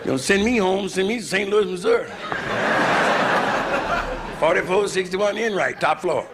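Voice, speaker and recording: Stand-up comic, man in his fifties, gravelly raised voice that leaps around a lot, noisy live club recording. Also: animated, normal speed. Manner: gravelly, bawdy, swings into loud high put-on voices. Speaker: stand-up comedian. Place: live club stage with audience.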